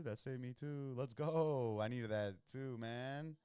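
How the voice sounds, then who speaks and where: A man's voice: mid-range voice, slow pace, few pauses, warm tone, clean tone, dry recording. A young man hosting, giving loose, slangy commentary while he watches football and reacts to plays. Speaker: podcast host watching football. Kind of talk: casual live-watch commentary.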